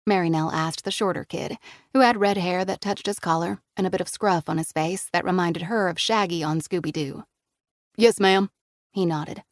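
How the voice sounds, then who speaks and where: A woman's voice: on the low side, a little fast, dry recording, studio quality. A woman narrating an audiobook in a scripted reading style.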